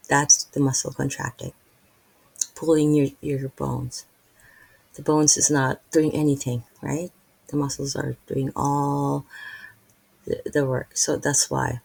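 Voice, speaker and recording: A middle-aged woman from the Philippines with a Filipino accent, rambling earnestly in an unscripted vlog, with halting restarts and many fillers. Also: deep voice, creaky, darkish tone, husky, poor audio. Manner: earnest, openly emotional about faith. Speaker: vlogger and massage therapist. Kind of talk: unscripted casual vlog talk.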